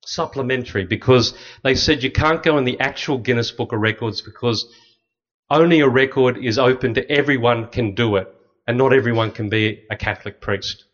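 A man's voice: mid-range voice, brisk. A middle-aged Australian man, a Catholic priest, giving an anecdotal talk with slides and acting out the voices of people in his stories. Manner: lively, anecdotal, acts out other people's voices. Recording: dull, slightly lo-fi sound.

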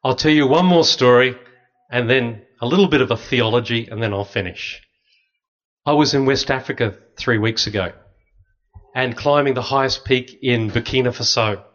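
A middle-aged man, a priest, telling lively stories with dry humor to an audience. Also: medium pitch, normal speed. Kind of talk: storytelling talk to an audience. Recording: slightly dull lo-fi recording.

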